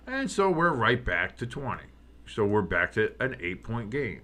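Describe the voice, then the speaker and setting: Excitable man calling play-by-play. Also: on the low side, unhurried. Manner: excitable, joking, talks to chat. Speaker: streamer giving live play-by-play. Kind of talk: casual play-by-play commentary.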